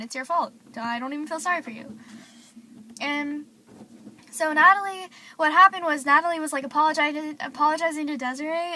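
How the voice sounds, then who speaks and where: A woman's voice: high voice, sharp tone, a little hiss or hum. A teenage girl vlogging, rambling through gossip with lots of fillers. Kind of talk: casual gossip vlog.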